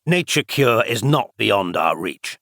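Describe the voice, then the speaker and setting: A man's voice: on the low side, very animated, slow pace, vocal fry, fairly bright tone, no room sound, clean studio sound, exaggerated voice. A man reading the part of a severe older male spy chief who lectures emphatically. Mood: lecturing.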